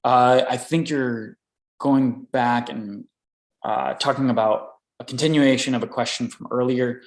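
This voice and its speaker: A man's voice: mid-range voice, a little slow, roomy sound, poor audio. A man coaching inventors on licensing deals in a live question-and-answer session, talking energetically and tagging "right?" onto his points. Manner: energetic, repeats "right?" often.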